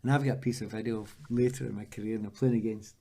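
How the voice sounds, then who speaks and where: A Scottish man in his sixties, a former footballer, telling lively anecdotes in an interview and acting out the voices of the people he quotes. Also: fairly low pitch, racing, creaky. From Scotland.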